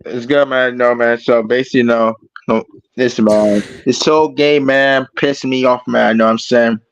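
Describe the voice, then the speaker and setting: A man's voice: mid-range voice, steady tone, normal speed, no room sound, muffled recording. A man calling in to a fan show, ranting angrily and swearing, repeating himself as he gets worked up. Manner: heated, profane, repeats himself. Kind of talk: angry fan rant.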